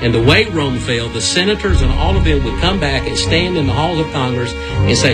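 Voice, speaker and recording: A man's voice: on the high side, lively intonation, brisk, loud music behind the voice. A man preaching a radio sermon, folksy and earnest, with rhetorical questions.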